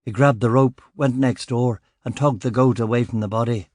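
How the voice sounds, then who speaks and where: A man reading a crime novel in first person, with a dry, sardonic, gruff delivery. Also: medium pitch, steady tone, moderate pace, a little mellow, no echo. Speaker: audiobook narrator. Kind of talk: first-person scripted narration.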